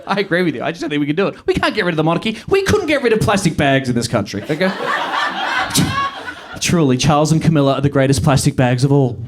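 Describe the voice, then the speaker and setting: An Australian man doing a profane stand-up set, ranting and bursting into shouts. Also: fairly high pitch, sing-song, quick pace. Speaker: stand-up comedian. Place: comedy venue with live audience. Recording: live club audio with crowd laughter and noise.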